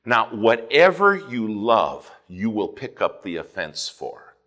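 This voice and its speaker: A man preaching a fervent sermon, swinging between loud emphasis and hushed asides as he tells a story. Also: fairly low pitch, sing-song, takes it slowly. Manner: storytelling with quoted dialogue.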